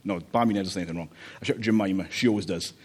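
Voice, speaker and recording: Guy preaching, low voice, chatty and jokey, keeps asking okay?. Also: very fast, breathy edge. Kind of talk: conversational sermon.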